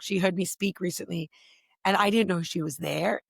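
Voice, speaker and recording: A middle-aged woman talking in an interview, expressive and animated as she tells stories. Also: lowish voice, brisk, gravelly, no room sound, studio quality. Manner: expressive, animated storyteller with voices. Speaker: podcast guest. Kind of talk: interview conversation.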